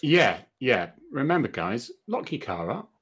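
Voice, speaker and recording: A man's voice: mid-range voice, very animated, measured pace, fairly bright tone, husky. A man co-hosting a live online chat in a joking, chatty way, easily flustered by technical trouble. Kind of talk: casual live-stream chat.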